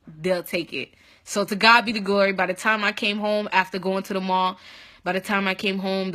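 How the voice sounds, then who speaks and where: A young adult woman telling her own story in a casual vlog, expressive, with loud whoops and animated retelling. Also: medium pitch. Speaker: vlogger.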